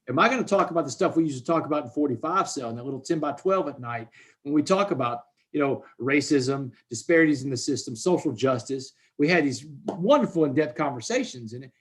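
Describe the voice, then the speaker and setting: Man, forties, higher-pitched, emphatic, conversational storytelling. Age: 40s. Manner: emphatic, repeats words, addresses listeners as "man" and "y'all". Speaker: guest speaker. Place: online video call.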